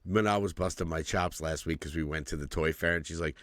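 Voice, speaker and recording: A man's voice: low voice, a little fast, few pauses, a bit bright, dry recording. A man in his forties co-hosting a podcast, telling stories in casual chat, swearing freely and laughing often. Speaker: podcast co-host.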